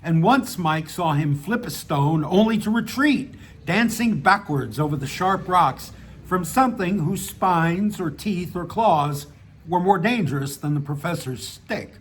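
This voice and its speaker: A man, the author, reading his own short story aloud, relaxed, with small restarts and casual asides. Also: high-pitched, a little slow, a little hiss or hum. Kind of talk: audiobook narration of a short story.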